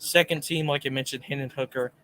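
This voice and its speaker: A man's voice: mid-range voice, fairly even intonation, fast, bright, forceful tone, slight background noise. A man co-hosting a casual live sports talk show, reading viewer comments and giving his picks in a chatty way. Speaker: podcast co-host.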